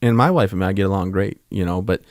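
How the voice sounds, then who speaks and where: Quick-talking guy in his 30s, lowish voice, dry close sound, acts out voices in his stories. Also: a little mellow, no echo. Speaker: podcast guest, army veteran. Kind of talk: casual interview storytelling.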